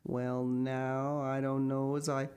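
A woman reading an audiobook, voicing a shy, gentle old farmer who speaks haltingly. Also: a bass voice, level tone, clear, resonant tone. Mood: hesitant. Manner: hesitant, halting.

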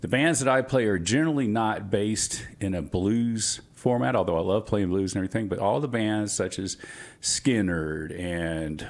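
Man, radio DJ, gravelly voice, rambling casual chat. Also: fairly low pitch. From Atlanta, Georgia, US. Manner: rambling, chatty, self-amused. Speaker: radio DJ host. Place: community radio studio.

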